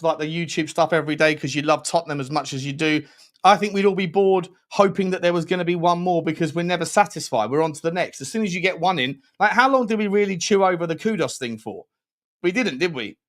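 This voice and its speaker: A man's voice: on the high side, fairly bright tone. A young man hosting a live stream, chatting casually, reading out viewer comments, swearing and laughing often. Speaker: host.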